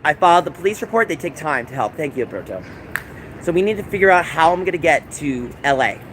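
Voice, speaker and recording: A man's voice: a little high, animated, quick pace, low-quality recording. A man live-streaming from his phone outdoors, talking to his chat in distressed, pleading rants. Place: outdoors on city streets. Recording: phone stream with loud street noise.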